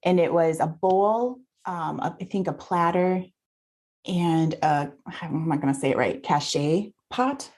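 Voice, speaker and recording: Chatty low-voiced woman podcast guest. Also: a little slow, a little mellow. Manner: chatty, telling her own finds at length. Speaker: guest reseller. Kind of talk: casual interview chat.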